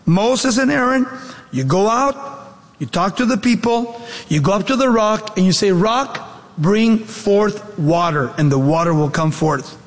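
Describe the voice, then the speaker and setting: Male pastor plays God: casual, reproving, higher voice with long reverb. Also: lively intonation, unhurried. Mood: instructing. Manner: conversational, gently scolding. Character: God as a patient, reasoning male deity.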